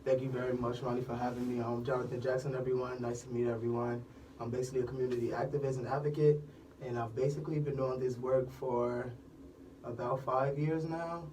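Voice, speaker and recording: A young man speaking as a guest in a radio interview, earnest and steady about his community work. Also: mid-range voice, a little fast. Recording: distant mic, faint room noise.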